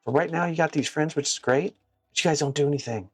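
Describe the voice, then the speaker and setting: A man giving casual gameplay commentary that turns into blunt, profane, animated stories, recorded on a clip-on mic at home. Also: on the high side, quick pace, breathy edge, dry recording, studio quality, faint music behind. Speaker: gaming streamer. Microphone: wireless clip-on mic.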